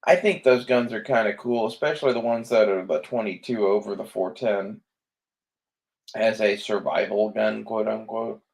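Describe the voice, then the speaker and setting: A man with a low voice full of gravelly fry drifts through casual commentary. He sounds sleepy and unhurried, swears freely and trails off into fillers as he browses. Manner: laid-back, swears often, trails off with fillers. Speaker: gun vlogger browsing listings.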